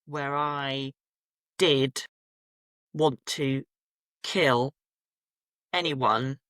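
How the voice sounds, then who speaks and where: Animated woman telling her story. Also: a bass voice, very slow, no echo, clean studio sound. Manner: animated, acts out quoted voices, laughs at herself. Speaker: podcast guest, menstrual cycle coach. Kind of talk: candid conversational storytelling.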